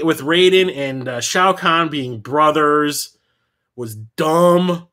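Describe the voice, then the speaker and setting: A man hosting a casual livestream, telling stories in an animated way and swearing freely. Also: a little high. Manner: animated storyteller, swears freely, quick bursts of excitement. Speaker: livestream host.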